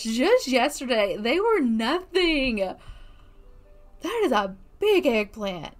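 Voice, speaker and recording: A woman's voice: high-pitched, sing-song, very slow, faint music behind. A woman hosting a casual gameplay let's play, gushing with bubbly exclamations as she plays.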